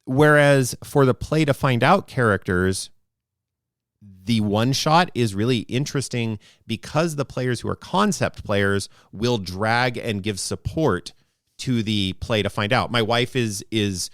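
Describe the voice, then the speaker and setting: A man's voice: medium pitch, measured pace, dry recording. A man co-hosting a podcast as game master, talking in a rambling, thoughtful way into a close mic. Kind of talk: casual podcast discussion.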